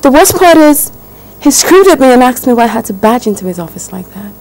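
A woman's voice: fairly high pitch, very animated, fairly quick, darkish tone, poor audio. An actress playing a spoiled young woman complaining indignantly to her parents about her neglectful partner, in a film drama. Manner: indignant, whiny.

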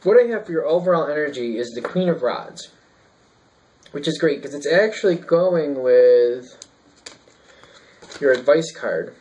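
A man's voice: on the high side, animated, measured pace, pauses often, a little mellow, low-quality recording. A man giving a casual tarot reading, thinking aloud and rambling with fillers and restarts. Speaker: tarot reader.

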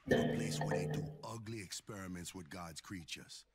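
A man's voice: deep voice, normal speed, faint music behind, lightly acted. An actor playing a wary male jungle guide, grave and secretive.

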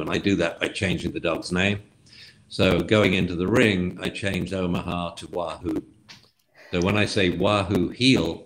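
A man, a dog trainer guest, explaining methods lively and acting out commands in different tones. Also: sits low. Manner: lively, acts out commands with shifts of tone. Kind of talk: explanatory interview talk.

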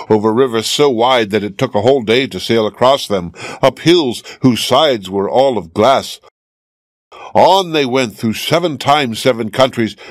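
A man reading a fairy tale aloud clearly and steadily as an audiobook for English learners. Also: fairly low pitch, no room sound, clean studio sound. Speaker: storyteller.

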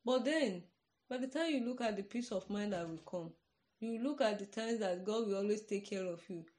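A woman's voice: medium pitch, normal speed, a little mellow. Nigerian woman, podcast preacher, earnest and chatty, a middle-register voice. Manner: earnest, repeats "you understand?". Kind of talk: informal podcast sermon.

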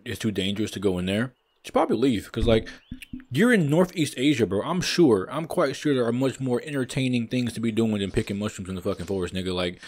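A man's voice: fairly low pitch, a little mellow. A man giving loose, profane let's-play commentary, mocking the game and calling everyone "bro". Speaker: gaming video creator.

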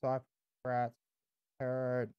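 A man's voice: medium pitch, completely flat delivery, extremely slow, clean tone, highs cut off. An Australian man streaming casual in-character game roleplay, laid-back and swearing constantly, tagging "eh" onto his lines.

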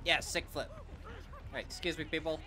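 A man's voice: a little high, huge pitch swings, normal speed. A young man doing goofy let's play commentary with crude jokes. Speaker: gaming YouTuber. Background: game music.

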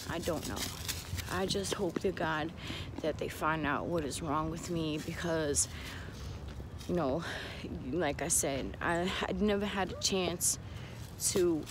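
An earnest woman with a New York accent speaks straight to her viewers. She vlogs on a phone while walking outdoors. Her voice sits a bit high, and faint street traffic murmurs behind her. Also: a bit bright, poor audio. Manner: earnest, confiding, talks to viewers directly. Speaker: vlogger. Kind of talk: candid personal vlog. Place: outdoors on a walk with her child.

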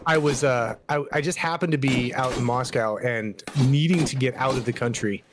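A man's voice: medium pitch, normal speed, noisy background. A man playing a co-op survival game on stream, laughing easily and spinning jokey stories. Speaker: co-op streaming partner. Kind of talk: casual co-op gameplay chat.

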